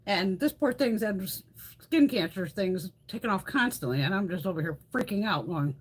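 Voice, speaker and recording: A woman's voice: medium pitch, moderate pace, slightly rough. A middle-aged woman hosting a beauty livestream, chatting casually, swearing freely and answering viewers. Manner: animated, swears freely, chats with live viewers.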